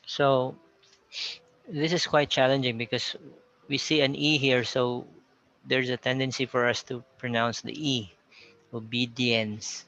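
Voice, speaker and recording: A man's voice: medium pitch, little pitch movement, measured pace, a bit bright, lo-fi sound. A man from the Philippines with a Filipino accent, teaching an English pronunciation lesson and repeating example words as he explains them.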